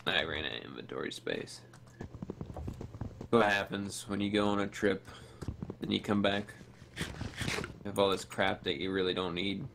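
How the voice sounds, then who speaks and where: A man's voice: low voice, moderate pace, gravelly, pauses often, noisy background. A man casually chatting with a teammate during a multiplayer game, laid-back and joking. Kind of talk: casual gaming chat.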